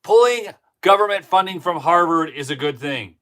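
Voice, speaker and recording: A fired-up male host rants through a live political stream and keeps turning to his chat. His voice sits high for a man, and his indignation builds as he goes. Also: lively intonation, moderate pace, fairly bright tone. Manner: heated and indignant, talks to the chat. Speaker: political commentary show host.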